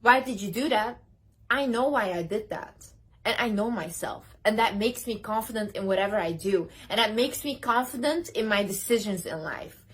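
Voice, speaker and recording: A woman's voice: mid-range voice, lively intonation, moderate pace, a bit bright, husky. A young woman giving casual motivational advice, emphatic, repeating herself for stress and acting out what other people say. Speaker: motivational speaker. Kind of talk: casual motivational talk to camera.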